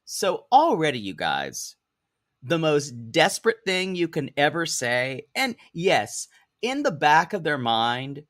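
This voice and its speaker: A man co-hosting a podcast, recapping a reality show in casual chat, sarcastic and animated, often laughing as he talks. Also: fairly high pitch, slow, no echo, studio quality. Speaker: podcast co-host.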